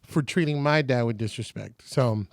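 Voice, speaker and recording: A man's voice: mid-range voice, moderate pace, gravelly, no room sound. A man in his forties from San Antonio, a radio personality telling stories as a podcast guest and acting out other people's lines. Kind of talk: casual storytelling.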